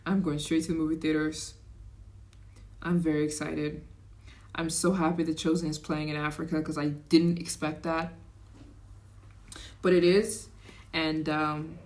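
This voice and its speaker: On her livestream, a young host with a fairly low voice speaks at a measured pace with frequent pauses. She responds to comments as they arrive, chatting casually and growing excited and animated.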